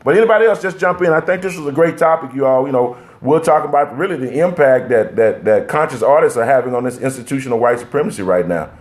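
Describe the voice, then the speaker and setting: A man's voice: mid-range voice, animated, fast talker, hardly any pauses. A man hosting a discussion panel, passionate and plain-spoken. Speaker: show host.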